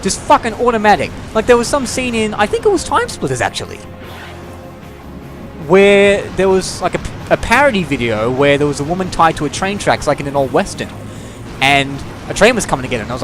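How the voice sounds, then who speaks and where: A man's voice: on the high side, big pitch swings, a little fast. A young man doing let's-play commentary, rambling and opinionated, swearing freely and restarting his sentences often. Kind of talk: gameplay commentary rant. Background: game music.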